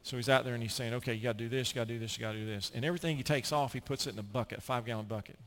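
Speaking rapid-fire in a medium-pitched voice, a middle-aged American man preaches, weaving in stories and performing the voices of those he quotes with lively energy.

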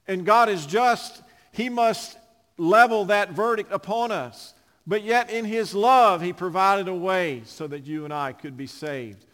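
A male pastor delivers an impassioned sermon in a high-pitched voice. He leans into big, loud emphases and then sinks into quiet, low phrases. His words echo with a long reverb through a church sanctuary.

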